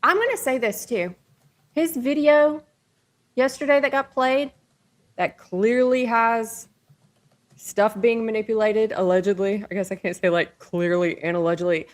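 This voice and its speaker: Woman ranting on her channel, kinda high voice, emphatic and animated, keeps tacking on allegedly. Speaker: commentary host. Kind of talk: casual opinion commentary.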